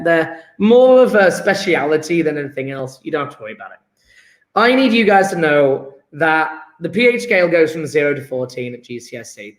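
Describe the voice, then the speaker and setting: A man's voice: high voice, fairly bright tone. A man teaching a live online chemistry lesson, rambling and joking with self-deprecating asides as he answers students' chat. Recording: echoey room.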